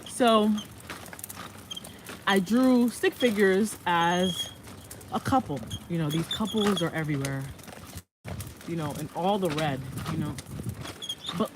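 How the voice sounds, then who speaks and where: Her voice is on the low side, and she takes her time, pausing often. She's an artist and vlogger strolling outside with a stroller, chatting about her art with frequent laughter and cooing to her baby in a sing-song way, all captured on a noisy phone recording.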